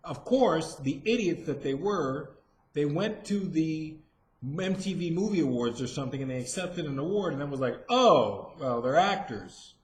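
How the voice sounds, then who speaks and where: A man's voice: fairly high pitch, animated, moderate pace, a little mellow. A man giving a rambling, profane commentary rant, full of fillers and restarts. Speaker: vlogger. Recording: roomy echo.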